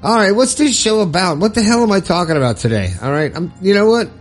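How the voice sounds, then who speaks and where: Over soft background music, this podcast host chats solo in a loose, cheerful, meandering way, laughing often and leaning on fillers. His voice sits high, and he's animated and quick.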